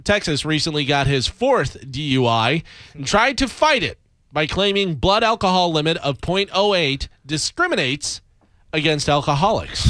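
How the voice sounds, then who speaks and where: A man reads quirky news items on a morning radio show, ribbing his co-hosts as he goes. His voice sits a little high, and the studio mic sounds close and dry. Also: fairly bright tone, no room sound. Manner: reads odd news stories, playful jokes. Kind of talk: casual morning radio banter.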